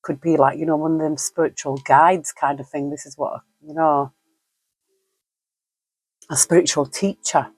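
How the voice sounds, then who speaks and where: A woman's voice: low voice, steady tone, normal speed, long pauses, husky, no echo. A woman giving a casual spoken tarot reading, chatty and musing, with frequent fillers and easy laughs. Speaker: tarot reader.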